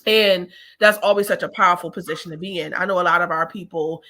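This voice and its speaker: A woman co-hosting a casual money talk, chatty and animated, telling stories with many fillers. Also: lowish voice, fast talker. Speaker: co-host.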